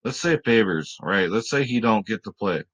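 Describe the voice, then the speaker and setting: A man's voice: on the low side, expressive, normal speed, fairly bright tone. A young adult man hosting a fantasy sports picks video, chatting casually and joking with his cat. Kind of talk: casual chat.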